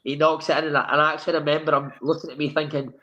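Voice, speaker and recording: A man with a Scottish accent, a guest telling lively anecdotes and acting out the dialogue in a sofa chat. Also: on the high side, rapid-fire, lo-fi sound. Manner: lively storyteller who acts out quoted dialogue. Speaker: former footballer guest.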